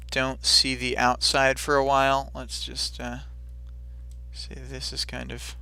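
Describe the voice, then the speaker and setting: A man's voice: mid-range voice, pushed and bright, clear, resonant tone, dry recording. A man casually recapping a story chapter on a livestream, rambling with many fillers and brief silly voices for the characters. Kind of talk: casual recap of a fight scene.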